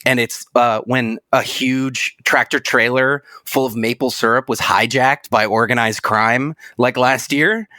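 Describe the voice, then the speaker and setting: Dude on a podcast, laid back and jokey, bright tone, dry remote audio. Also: male voice, medium pitch, steady tone, unhurried, few pauses, no echo. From Canada. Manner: laid-back, playful, joking. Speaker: podcast guest. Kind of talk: casual chat. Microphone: remote recording.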